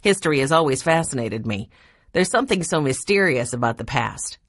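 Earnest friendly teacher, read by a woman; low, dry delivery. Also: animated, brisk, dry recording. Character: friendly man, a history teacher.

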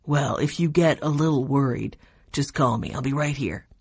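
A woman voicing a calm sensible older brother. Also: rumbling low, moderate pace, slightly rough, no room sound, clean studio sound, full character voice. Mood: reassuring. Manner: calm and reassuring.

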